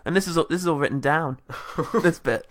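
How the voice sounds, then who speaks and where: A man's voice: fairly high pitch, brisk, fairly bright tone, dry recording, studio quality. A man co-hosting a comedy podcast, swearing and giggling through casual banter. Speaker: podcast co-host.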